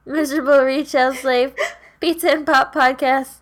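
A young woman co-hosting a podcast, teasing with dry, deadpan jokes. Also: sits high, moderate pace. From Canada. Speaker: podcast co-host. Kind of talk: casual podcast chat.

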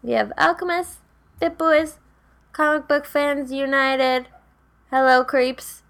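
A young woman co-hosting a podcast, teasing with dry, deadpan jokes. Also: high voice, slow pace, vocal fry. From Canada. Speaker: podcast co-host. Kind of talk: casual podcast chat.

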